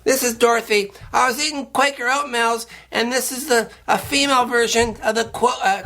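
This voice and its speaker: A man hosting a deadpan satirical monologue, rambling in a halting, earnest, offbeat way. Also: very high-pitched. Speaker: host.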